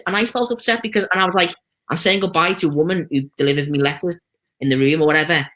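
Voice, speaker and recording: Chatty Scouse man with a higher voice. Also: rapid-fire. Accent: Liverpool (Scouse). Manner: chatty storytelling, lively anecdotes with quoted voices. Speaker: stuntman guest. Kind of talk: casual interview chat.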